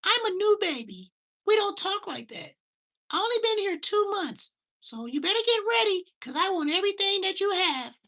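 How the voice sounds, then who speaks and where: A squeaky, bossy newborn. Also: male voice, big pitch swings, normal speed, sharp tone, exaggerated voice. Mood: demanding. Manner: bossy, entitled complaining. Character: demanding two-month-old baby boy.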